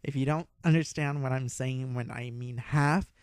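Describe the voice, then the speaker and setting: A young man hosting a podcast, telling a rambling, excitable story with a lot of swearing and laughter. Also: mid-range voice, moderate pace, clean tone, no room sound. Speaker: podcast host. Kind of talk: casual storytelling.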